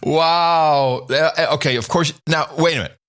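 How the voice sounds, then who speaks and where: A man's voice: a little high, steady tone, fairly bright tone, dry recording. Dry-voiced male podcast co-host. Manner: quick reactions, laughing asides. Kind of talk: casual chat.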